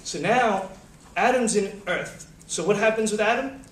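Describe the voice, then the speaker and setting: A man on a panel, telling religious stories to an audience in a lively, slangy way and acting out the quotes, recorded in a college lecture hall. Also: high voice, measured pace. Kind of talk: casual religious storytelling to an audience. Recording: echoey hall, distant mic, faint hum.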